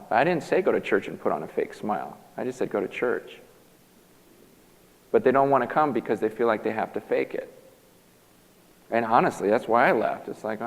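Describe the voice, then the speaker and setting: A man preaching a sermon as a pastor, emphatic and animated, often restarting his sentences. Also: mid-range voice. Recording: long hall reverb.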